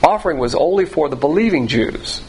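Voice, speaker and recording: A man's voice: a little high, expressive, brisk. Man, bible teacher, conversational, restarts sentences, faint background hiss. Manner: conversational, repeats words and restarts, spells out terms.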